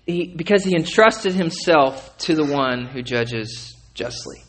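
A man preaching a sermon in a conversational way, often asking "okay?" and "right?", repeating and restarting words, and rising in pitch and volume when he gets emphatic. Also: animated, measured pace, fairly bright tone. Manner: conversational, asks listeners to check in with "okay?" and "right?". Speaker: pastor.

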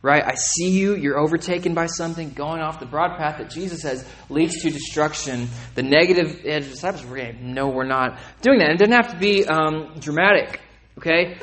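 Guy preaching a sermon, kinda high voice, chatty, keeps asking okay right, gets loud and animated when he makes a point. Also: a little fast, hardly any pauses, slight background noise. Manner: conversational, asks listeners to check in with "okay?" and "right?"; animated, rising in pitch and volume when emphatic. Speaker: pastor.

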